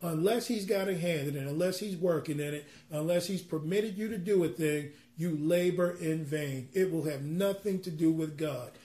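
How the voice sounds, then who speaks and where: A man ministering a sermon, reading scripture slowly and then explaining it in an earnest, conversational way with personal asides. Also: a little high, dark tone. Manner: reads scripture slowly in King James wording.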